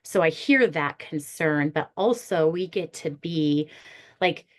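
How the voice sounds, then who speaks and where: A woman therapist who leads ministry workshops, talking earnestly and with animated storytelling in a panel discussion. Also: low-pitched, takes it slowly.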